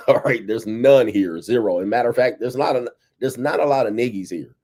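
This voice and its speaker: An American man talks casually to his livestream audience, his low voice dark and mellow. He drops "all right" between nearly every phrase and chuckles to himself as he goes. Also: moderate pace. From United States. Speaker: livestream host. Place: abroad, indoors.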